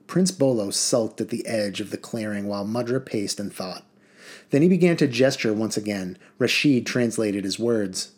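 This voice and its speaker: A man reading a children's novel aloud in a lively, expressive way. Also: lowish voice, normal speed. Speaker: audiobook reader.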